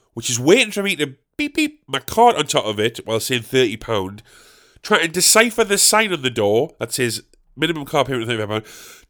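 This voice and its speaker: This young man from northeast England hosts a podcast and delivers a comedic storytelling monologue. His voice is a little high and a bit bright, and his story is sweary and self-mocking.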